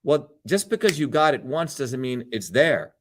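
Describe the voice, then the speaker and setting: A man's voice: medium pitch, very animated, normal speed, a little hiss or hum. A man hosting his own live show, delivering a fiery, blunt and profane monologue. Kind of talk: livestream monologue.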